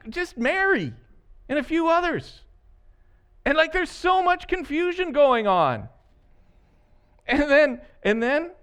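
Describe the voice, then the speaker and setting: A man preaching a sermon as a pastor, animated and laughing often as he acts out the story. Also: very high voice, smooth.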